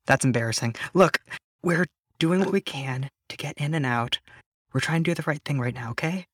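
Casting: jittery young dragon-shifter woman, a man doing the voice, stammers, pleads, a bit higher than his own voice. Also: normal speed, dry recording, studio quality, natural voice. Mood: pushy. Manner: stammering, pleading then threatening. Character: young female dragon-shifter hero, anxious. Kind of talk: voicing a character in an actual-play game.

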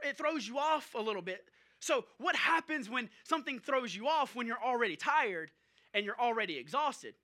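Guy preaching, super high voice, jokey and lively with the crowd. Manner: animated storytelling with jokes and audience asides. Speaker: pastor. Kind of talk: sermon.

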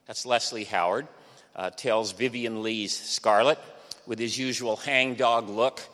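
A man's voice: fairly high pitch, bright, forceful tone. An older man giving a history lecture to a live audience, with dry sardonic asides. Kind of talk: university lecture. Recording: long hall reverb.

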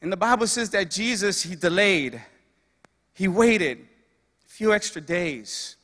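Male preacher, earnest and repetitive, forceful bright tone, long hall reverb. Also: high voice, lively intonation, measured pace. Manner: earnest storytelling with repeated phrases. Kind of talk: sermon.

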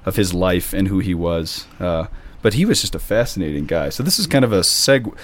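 A man's voice: sits low, lively intonation. A man, a priest hosting a podcast, talking in a chatty, rambling way outdoors in the wind. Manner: chatty, quick, self-interrupting. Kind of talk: casual podcast chat.

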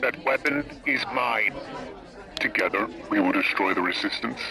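A man playing a gravelly masked villain through a toy speaker. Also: moderate pace, crowd noise, close to an everyday voice. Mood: menacing. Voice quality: low gravelly voice. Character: dark masked young male villain, menacing. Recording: lo-fi toy speaker playback, noisy.

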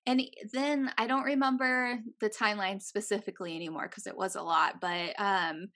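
Speaking at a normal speed in a mid-range voice, a young woman chats casually through a true-crime tale. She swears frequently and performs lively voices for each person involved.

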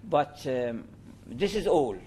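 Man lecturing slowly on poetry, lots of ums and uhs, faint hiss behind. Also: a little high, lively intonation, mellow. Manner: measured, with frequent fillers and restarts. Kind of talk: slow, halting lecture.

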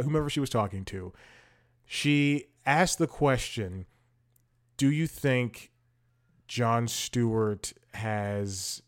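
A man with a slightly low voice talks through his opinions as a podcast host. He rambles, stumbling over fillers and restarting sentences as he thinks out loud. His delivery is casual and unscripted. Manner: opinionated, thinks aloud while scrolling. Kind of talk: casual commentary.

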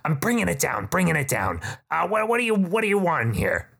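A man putting on a squeaky pushy goblin shopkeeper. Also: a little fast, gravelly, slightly rough, exaggerated voice. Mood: hushed coaxing. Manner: high, excitable, overbearing sales patter. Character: short green goblin shopkeeper, pushy eager salesman.

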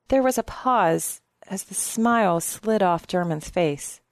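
A woman narrating a novel in a steady, measured storytelling manner. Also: mid-range voice, no echo, studio quality. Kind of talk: audiobook narration.

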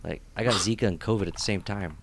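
A young adult man co-hosting a podcast, telling stories in animated, joking bursts with laughs. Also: on the low side, fast, creaky, crowd noise. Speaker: podcast co-host. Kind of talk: casual chat.

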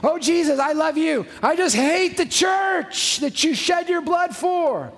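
A man voicing a whiny, fretful churchgoer in a high, strained, complaining tone during a sermon. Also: animated, unhurried, full character voice. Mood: indignant. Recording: long hall reverb, faint music behind.

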